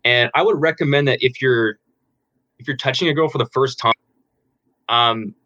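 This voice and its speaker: Bright-voiced man giving frank dating advice. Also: mid-range voice, normal speed, dry recording. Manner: frank, explanatory, many fillers and restarts. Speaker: dating coach guest. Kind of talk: casual interview answers. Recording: dull lo-fi dry audio.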